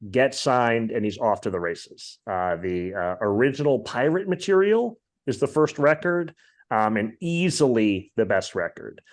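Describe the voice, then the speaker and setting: A man hosting a podcast, chatting casually about music in an opinionated, rambling way full of fillers. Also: medium pitch. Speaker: podcast host.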